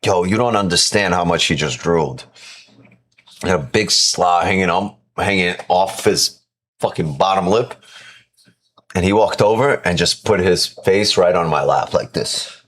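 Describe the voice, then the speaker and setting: A man hosting a live stream from home, chatting casually, playful and teasing, swearing freely. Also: low voice. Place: at home with kids and a dog.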